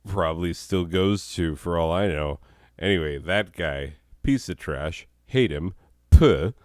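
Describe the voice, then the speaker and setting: A hoarse, sick man hosting a comedy show, rambling in a deadpan way with chuckles and coughs. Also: deep voice, a little slow, dry recording, clean studio sound.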